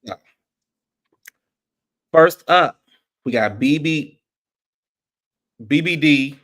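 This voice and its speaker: A man's voice: fairly high pitch, animated, extremely slow, fairly bright tone. A man hosting a casual podcast, talking in an upbeat way as he runs the game segments. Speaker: host.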